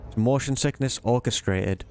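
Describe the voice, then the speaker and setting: A man's voice: medium pitch, normal speed, darkish tone, a little hiss or hum. A man giving casual, playful commentary while playing a horror game, jokingly talking to the monsters as if they were silly pets. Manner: playful, teasing the monsters in a silly sing-song way. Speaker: let's play gamer.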